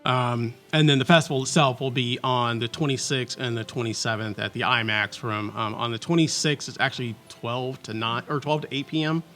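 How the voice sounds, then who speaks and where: A man's voice: medium pitch, steady tone, fairly quick, hardly any pauses, bright, forceful tone. A man answering as a guest in a casual interview, laying out event details with frequent ums and uhs. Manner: informative, with many ums and uhs. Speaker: guest, festival organizer.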